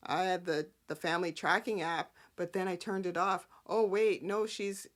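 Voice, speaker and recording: A woman voicing a flustered young woman who rushes through her excuses. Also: on the low side, fairly even intonation, natural voice.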